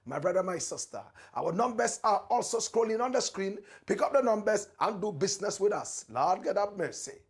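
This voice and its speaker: A Ghanaian man with a high, husky voice hosts a political talk show. He delivers it like a preacher, with big swings from loud, raised lines to low, quiet asides. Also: lively intonation, moderate pace, few pauses. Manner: preacherly, dramatic swings in pitch and loudness, repeated catchphrases. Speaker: show host.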